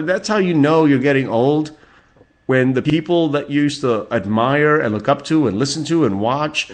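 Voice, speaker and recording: A male podcast host in his forties runs a solo show, reading out celebrity birthdays with rambling, profane asides and chuckles. His mid-range voice keeps a moderate pace.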